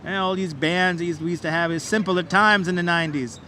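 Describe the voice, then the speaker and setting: On a live stream, a host walks across a city bridge, keeping up playful, repetitive auctioneer-style chatter that hypes the like count and chats with viewers as walking-tour commentary. His high voice is bright and forceful, with fairly even intonation and a moderate pace. A wireless clip-on mic records him outdoors against faint traffic noise.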